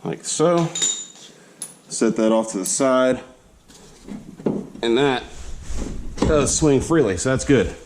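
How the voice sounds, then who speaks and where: A man's voice: mid-range voice, expressive, background noise. A man talking casually through a car suspension install as he works, a little out of breath, with the camera on his head in a garage. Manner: unhurried, talks himself through each step. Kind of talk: casual how-to narration while working. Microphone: head-mounted camera.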